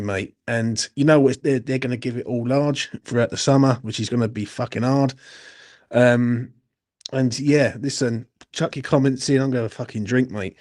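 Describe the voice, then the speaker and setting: Ranting football fan host. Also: male voice, medium pitch, a little mellow. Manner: ranting, swearing heavily, blunt and riled up. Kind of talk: late-night live-stream rant, reading viewer comments.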